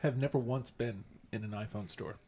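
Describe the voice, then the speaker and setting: A man's voice: mid-range voice, moderate pace, a crowd in the background. A man co-hosting a podcast, a father, tossing in dry quips during casual chat. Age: adult with a son. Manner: dry quips, short interjections. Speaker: podcast co-host.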